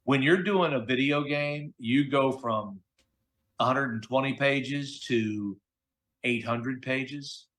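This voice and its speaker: A middle-aged man, a voice actor who is a guest in a casual interview, telling stories in an animated, slangy way. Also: medium pitch, slow. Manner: animated, chatty storyteller, slangy with "dude" and "okay?".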